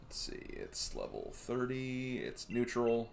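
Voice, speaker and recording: A man's voice: mid-range voice, wildly swooping pitch, takes it slowly, creaky. A man streaming a game, giving casual commentary as he plays. He thinks aloud and chuckles at his own remarks.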